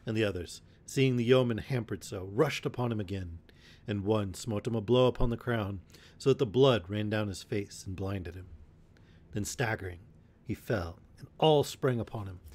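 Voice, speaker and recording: A man reading a classic adventure tale aloud as a bedtime story, in a measured, expressive way. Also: on the low side.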